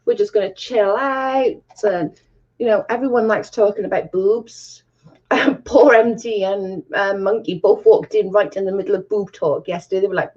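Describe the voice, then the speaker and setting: At home with the camera off, a woman hosts a casual live stream, chatting with viewers and laughing often. Her mid-range voice is a little mellow, with fairly even intonation at a moderate pace, and the stream audio is dull and lo-fi.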